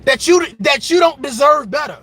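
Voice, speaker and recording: A man hosting a reaction channel, delivering a loud, emphatic and mocking rant that keeps repeating itself. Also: very high-pitched, animated, moderate pace.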